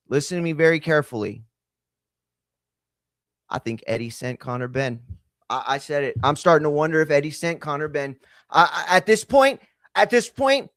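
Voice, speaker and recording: Animated man hosting a fight podcast. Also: a little high, no room sound, clean studio sound. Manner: animated, repeats himself, jokey. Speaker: podcast host. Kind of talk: casual combat sports talk.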